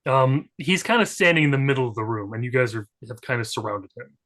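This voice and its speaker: A man's voice: mid-range voice, expressive, fast, a bit bright. A man narrating as game master in a tabletop game, chatty and loose, with plenty of fillers.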